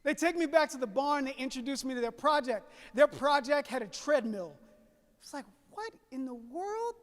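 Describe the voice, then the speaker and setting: Guy giving a keynote, real high voice, folksy storytelling, echo from a long hall. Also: moderate pace, a bit bright. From Southeast Louisiana. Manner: folksy, addresses audience as y'all. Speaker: keynote speaker. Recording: reverberant hall.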